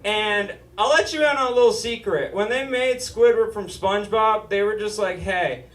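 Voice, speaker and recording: A man's voice: high voice, normal speed, fairly bright tone. A man from Utah performing a stand-up comedy set, with a nasal, whiny voice and a brash, profane, self-mocking delivery. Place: comedy club stage before a live audience. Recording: echoey room, distant mic, audience laughter.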